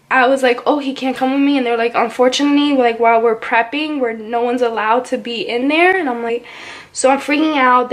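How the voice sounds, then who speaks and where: Chatty young woman telling a story. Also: a little high. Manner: animated, chatty, lots of "like" fillers. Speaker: vlogger. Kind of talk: casual storytelling vlog.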